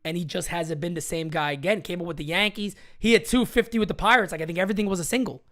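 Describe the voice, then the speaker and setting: A man's voice: high voice, quick pace, a bit bright. A man hosting a casual sports live chat, talking in a blunt, rambling way and reading out viewer comments. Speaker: live-stream sports show host.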